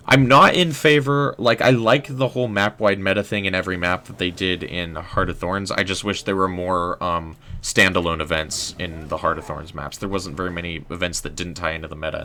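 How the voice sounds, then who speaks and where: A young man hosting a casual game livestream, rambling in a relaxed way with lots of "um" and "like". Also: low voice, slight background noise. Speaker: livestream host.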